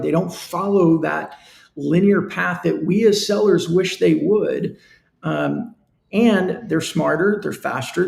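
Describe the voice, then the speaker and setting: A man's voice: fairly high pitch, vocal fry, darkish tone, reverberant. A man hosting a live-stream business talk, speaking earnestly and conversationally in a coaching tone. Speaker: show host.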